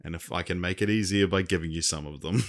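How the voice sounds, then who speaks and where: A man co-hosting a casual podcast, reading out quiz clues slowly and laughing often. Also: deep voice. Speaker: podcast co-host, quizmaster.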